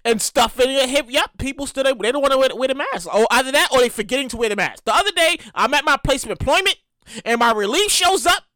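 A man hosting his own podcast in a casual solo monologue, animated and profane, often repeating himself. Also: extremely high pitch, fast talker, dry recording. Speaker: podcast host.

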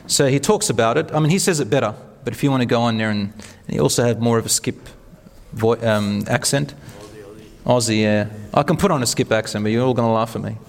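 A man's voice: medium pitch, quick pace, gravelly, big-room sound. A man giving an earnest, encouraging religious talk, telling stories to an audience. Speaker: speaker at a talk.

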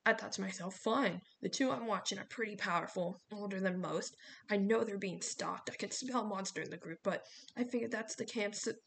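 A woman voicing a gruff, brusque middle-aged male coach who grumbles and barks orders. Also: mid-range voice, a bit bright, slight background noise.

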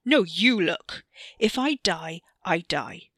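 A woman reads out a sneering young man with a bitter edge, his slow, cutting words pressed out in a bright, forceful voice. The recording is close and dry, with no room sound around him. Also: medium pitch, dry recording, close to an everyday voice. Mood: angry.

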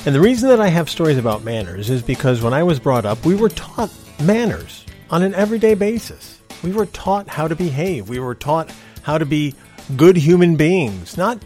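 A man's voice: on the high side, very animated, moderate pace, darkish tone, soft background music. A middle-aged man hosting a podcast, talking casually in an earnest, ranting way, on a close podcast mic. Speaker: podcast host. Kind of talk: casual monologue.

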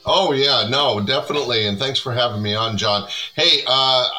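A man in his sixties, a comedy club owner, chatting casually as an interview guest with relaxed rambling. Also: medium pitch, normal speed, soft background music, rough recording.

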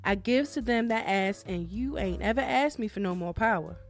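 A woman voicing a calm, unbending God. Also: medium pitch, normal speed, lightly acted. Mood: firm.

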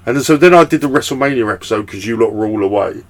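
A man's voice: medium pitch, animated, racing. A young man with an Essex accent, a podcast guest telling rambling, swear-laden stories and laughing often. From Essex, England. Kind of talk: casual chat.

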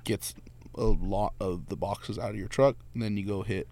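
A man in his twenties, a delivery driver, telling stories to friends in a casual, animated way, acting out the voices of the people in them. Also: lowish voice, normal speed, creaky. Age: 20s. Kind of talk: casual storytelling among friends.

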